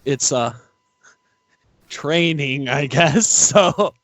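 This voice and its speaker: A man's voice: on the high side, animated, very slow, a bit bright, no echo. A man playing a recruit in a tabletop role-play session, casual, playful and eager. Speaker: player.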